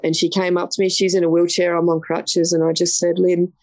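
An Australian woman, a police officer, telling her story frankly in an interview, blunt and quick to swear. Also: fairly low pitch, level tone, a little mellow, no room sound, poor audio. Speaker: police detective sergeant, podcast guest.

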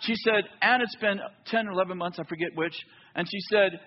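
A man preaching a sermon in a church, telling a story with lively back-and-forth dialogue. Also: sits high, a little fast, dull audio, slight background noise. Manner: animated storytelling, acts out both sides of dialogue. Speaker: pastor.

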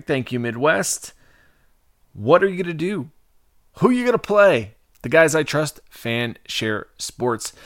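A man hosting a casual podcast in an animated, jokey way. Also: fairly high pitch, no echo, studio quality. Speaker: podcast host. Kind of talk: casual betting-podcast talk.

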